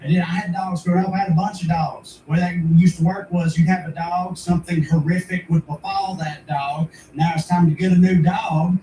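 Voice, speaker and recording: A brash man works through a profane stand-up set, his voice sitting high for a man. He is heard from a distance in a roomy club, with constant background noise. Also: fairly even intonation, fairly quick, few pauses, warm tone. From rural Tennessee. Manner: brash, profane, conversational punchlines. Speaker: stand-up comedian. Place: comedy club stage.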